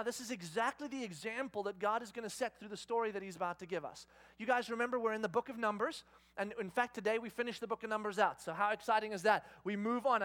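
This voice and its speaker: A man preaching, a pastor telling a lively family story and acting out the voices of his wife and kids. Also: sits high.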